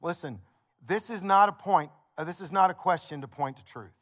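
Male preacher, higher-pitched, chatty storytelling delivery with rhythmic repetition. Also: normal speed, fairly bright tone. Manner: conversational storytelling preacher, builds with repeated phrases. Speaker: pastor. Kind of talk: sermon.

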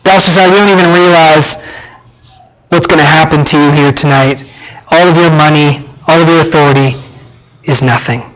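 A man's voice: on the high side, fairly even intonation, moderate pace, long pauses, a bit bright, rough recording. A man preaching a sermon as pastor, earnest, with frequent rhetorical questions to the congregation.

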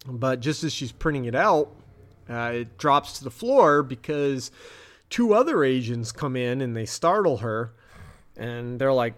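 A man, a podcast host casually retelling a TV episode, chatty with quick acted-out quotes. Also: mid-range voice, sing-song, fairly bright tone.

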